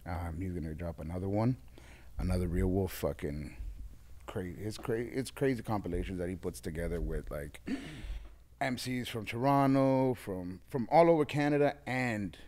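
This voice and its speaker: A lower-voiced man tells stories in a relaxed interview. He is animated and acts out the voices of the people he quotes. His pitch stays on the low side. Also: moderate pace. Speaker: guest DJ. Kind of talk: casual storytelling interview.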